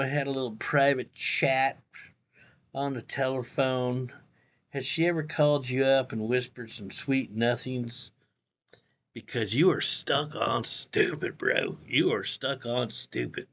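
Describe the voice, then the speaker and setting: A man's voice: mid-range voice, fairly even intonation, unhurried, a bit bright, muffled recording. A man streaming live, reading viewer comments in a blunt, profane way, repeating himself and calling people bro. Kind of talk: casual livestream chat reading viewer comments.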